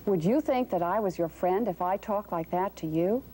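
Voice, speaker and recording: Children's TV host, woman, mellow and patient, faint old-tape hiss. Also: mid-range voice, normal speed. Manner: gentle, questioning, patient. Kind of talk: talking to young viewers.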